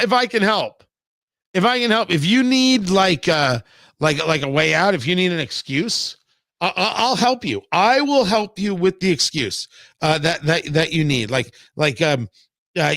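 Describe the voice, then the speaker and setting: Animated, high-voiced talk radio host man. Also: no echo, clean studio sound. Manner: emphatic, sarcastic, acts out imagined dialogue. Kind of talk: opinionated talk radio monologue.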